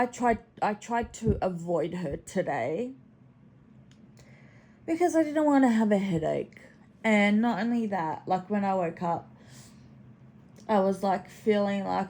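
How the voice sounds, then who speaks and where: A woman's voice: medium pitch, darkish tone. A woman hosting a casual reaction commentary, chatty and snarky, swearing now and then. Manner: chatty, snarky, swears, talks to her pet in baby talk. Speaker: commentary channel host.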